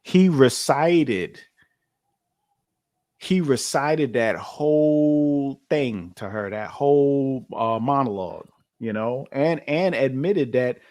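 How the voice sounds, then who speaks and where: A man co-hosting a casual podcast at a middle pitch. He talks in a loose, conversational way and keeps circling back with fillers and restarts as he thinks aloud. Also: expressive, takes it slowly, darkish tone. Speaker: podcast co-host. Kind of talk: casual chat.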